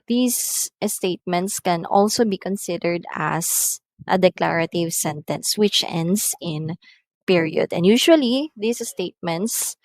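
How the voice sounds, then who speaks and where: A woman giving a recorded English lesson, explaining slowly and deliberately and reading out numbered example sentences. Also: on the low side, no echo, low-quality recording. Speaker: English teacher. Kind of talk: recorded online lecture.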